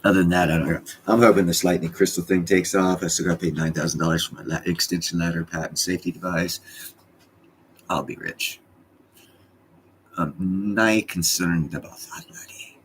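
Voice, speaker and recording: A man's voice: sits low, level tone, fast, slight background noise. A middle-aged man hosting his own live stream from home, chatting casually in a rambling, blunt and profane way.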